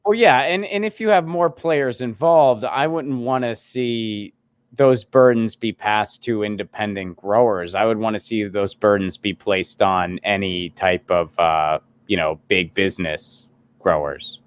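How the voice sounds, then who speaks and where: Deadpan male guest, dry sound. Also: lowish voice, measured pace, smooth, no echo. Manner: deadpan, mock-serious banter. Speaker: guest comedian. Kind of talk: casual live-stream chat.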